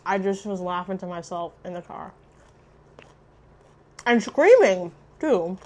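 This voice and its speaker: A young woman chatting casually while eating on camera, loud and profane, jumping between shrieks and low mutters. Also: animated, slow. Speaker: mukbang vlogger. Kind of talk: casual eating vlog chat.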